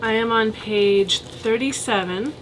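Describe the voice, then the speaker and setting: A woman's voice: fairly high pitch, slow pace, a little hiss or hum, poor audio. A woman casually reviewing books on her vlog, chatty and candid, thinking aloud and giving frank opinions. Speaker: book vlogger.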